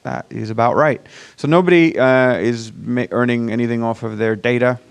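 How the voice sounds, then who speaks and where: A man from Virginia with an accent that mixes American and British, giving a casual, self-deprecating startup pitch to a conference audience with many fillers and restarts. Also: steady tone, moderate pace, vocal fry, clear, resonant tone. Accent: mixed American and British. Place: conference room before a live audience.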